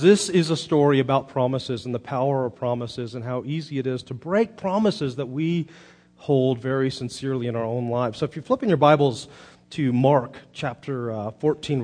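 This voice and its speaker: A man's voice: medium pitch, fairly quick, a little mellow. A man in his thirties preaching a sermon as pastor, telling stories earnestly with frequent restarts.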